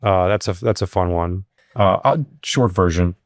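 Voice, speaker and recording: A low-voiced man tells a story in a relaxed podcast chat, his voice climbing sharply whenever he acts out a scene. He stumbles through fillers and restarts. The recording is dry and close. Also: normal speed, no room sound. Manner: animated, rises sharply when acting out quotes. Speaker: security company CEO, guest. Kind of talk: casual storytelling interview.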